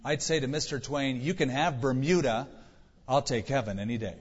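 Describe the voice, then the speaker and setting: A pastor preaching a sermon in a conversational way, with rhetorical questions and dry humor. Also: male voice, mid-range voice, normal speed, breathy edge. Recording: dull, lo-fi sound in a reverberant hall.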